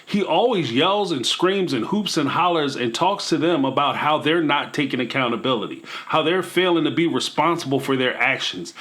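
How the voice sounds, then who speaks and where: A man's voice: fairly high pitch, a bit bright. A man hosting a commentary channel, talking emphatically and preachily in a casual vlog style, with playful asides.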